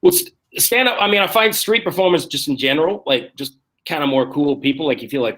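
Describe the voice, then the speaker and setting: A man in his forties, a comedian guest telling rough, profane stories on a video call and acting out the quotes. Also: a little high, animated, a bit bright. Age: 40s. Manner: rapid, profane storytelling that acts out quotes. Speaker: guest, street performer and comedian. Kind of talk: casual podcast chat.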